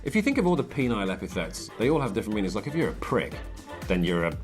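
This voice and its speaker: A man's voice: fairly low pitch, very animated, rapid-fire, over music. A man explaining slang in a playful, chatty way during an interview clip.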